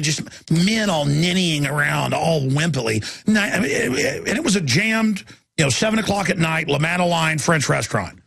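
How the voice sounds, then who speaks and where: A man's voice: on the high side, big pitch swings, a little fast, gravelly, a bit bright, slightly rough, dry recording. A man from Texas, hosting a talk radio show and ranting in a heated, rambling way, often repeating words as he restarts.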